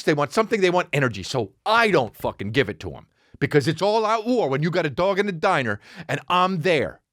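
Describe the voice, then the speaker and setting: A man hosting a podcast, telling a comic story as a profane, animated rant that keeps interrupting itself. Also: a little high, dry recording, studio quality. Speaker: podcast host. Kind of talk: comedic storytelling monologue.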